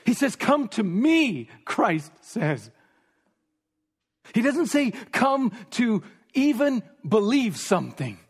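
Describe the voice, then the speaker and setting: A man preaching a sermon, emphatic and repetitive, sometimes dropping to a hush for stress. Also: extremely high pitch, big pitch swings, takes it slowly, husky. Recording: long reverb of a large hall.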